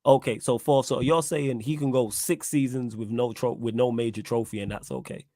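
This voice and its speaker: A man's voice: mid-range voice, steady tone, moderate pace, warm tone, dry recording, studio quality. Argumentative man grilling his co-host. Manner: argumentative, keeps questioning and asking the chat. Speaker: co-host of a football talk show. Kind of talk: casual debate on a livestream.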